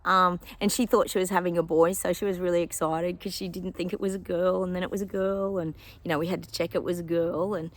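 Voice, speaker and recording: A woman's voice: fairly low pitch, flat delivery, quick pace, hardly any pauses. A middle-aged Australian woman chatting casually to her viewers, rambling and laughing often as a psychic vlogger.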